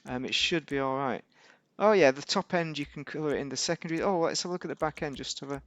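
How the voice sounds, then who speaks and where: A man's voice: a little high, fast talker, fairly bright tone, no echo. A man giving casual, rambling gameplay commentary as a YouTuber, correcting himself and making wry asides. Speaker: gaming YouTuber.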